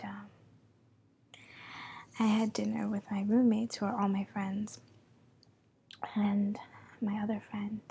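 Tipsy young woman whispering softly. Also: medium pitch, creaky, lo-fi sound, slight background noise. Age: 20s. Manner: soft rambling whisper with giggles. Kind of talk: whispered role-play.

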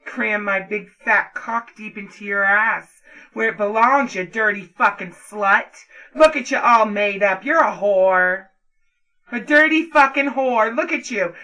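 A woman's voice: medium pitch, pushed and bright, poor audio. A woman performing an adult audio role-play in a commanding, taunting manner.

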